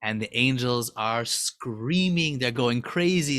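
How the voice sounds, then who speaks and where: A man teaching a Torah class, retelling a story with dramatic excitement. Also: medium pitch, slow, hardly any pauses, no room sound, studio quality.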